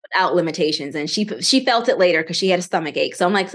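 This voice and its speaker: A woman in her thirties, a podcast guest, telling lively stories and acting out the quotes she recalls. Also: on the low side, quick pace. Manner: animated storytelling, acts out quotes. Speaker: podcast guest, financial coach. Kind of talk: casual podcast interview.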